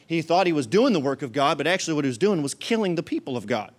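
A male pastor delivers a sermon in a fairly high voice. He talks conversationally and drives each point home by repeating it. His energy rises on the key phrases. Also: very animated, fast talker. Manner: emphatic, repetitive, conversational.

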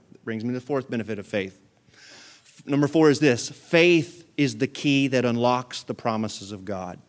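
A man preaching a sermon as pastor in a church, building to emphatic peaks and dropping into joking asides. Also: medium pitch.

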